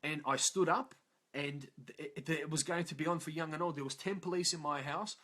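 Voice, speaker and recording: A man's voice: fairly high pitch, fairly even intonation, a little fast, sharp tone. An Australian man telling his own story in a raw, emotional and profane confessional way. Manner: raw, profane, emotional, frequent "yeah?" tag questions. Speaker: motivational vlogger.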